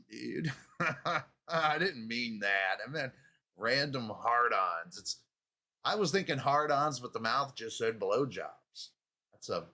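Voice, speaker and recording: A slow-talking man in his fifties rants through a crude, profanity-laced comedy monologue. He rambles from thought to thought and laughs at his own slips. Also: mid-range voice, pushed and bright. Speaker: show host. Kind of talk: comedic rant.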